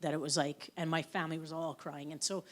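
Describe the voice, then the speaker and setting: A woman's voice: low voice, little pitch movement, fast. A woman from the Yukon, an author in an onstage conversation, telling frank family anecdotes with casual swearing. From Yukon, Canada. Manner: anecdotal storyteller, frank and profane. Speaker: author guest. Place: live event on stage.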